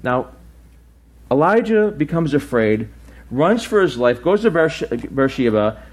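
A middle-aged male pastor preaching a sermon in a relaxed, conversational way, with asides and restarts. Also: medium pitch, measured pace, slightly rough.

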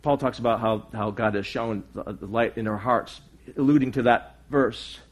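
A pastor preaches earnestly with a mid-range voice at a moderate pace. He asks his congregation questions and shifts between loud, emphatic lines and quiet asides.

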